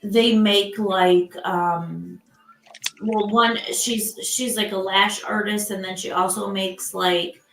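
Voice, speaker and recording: A woman's voice: mid-range voice, steady tone, takes it slowly, fairly bright tone, roomy sound, low-quality recording. An older woman from Michigan hosting a casual live chat, rambling with lots of fillers and restarts. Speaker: live stream host.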